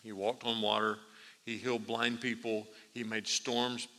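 A man preaching a sermon, telling a story with lively animation and laughing at his own tale. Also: on the low side, unhurried. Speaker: pastor. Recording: reverberant hall.

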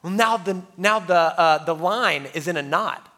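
Man, pastor, sermon story, self-mocking laughs, slightly high voice, long reverb. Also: a little slow. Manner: animated storyteller, laughs at himself.

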